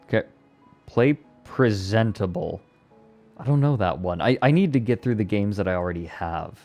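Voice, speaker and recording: A man streamer in casual live chat, excitable and prone to repeating words in quick bursts. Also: fairly low pitch, faint music behind.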